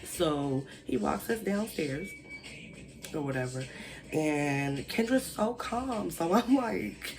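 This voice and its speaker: A casual storytime vlogger with a mid-pitched voice, talking in a loose, chatty way full of "like" and frequent swearing. The telling is animated, jumping into the voices of the people in the story. Soft music plays faintly underneath. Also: unhurried. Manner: animated, acts out quoted people.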